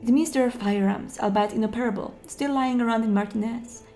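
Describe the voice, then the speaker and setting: Calm methodical cop lieutenant guy in a game, a lady reading him in her own voice, fairly high, plain explaining. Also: brisk, soft background music, natural voice. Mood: matter-of-fact. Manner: even, matter-of-fact explaining.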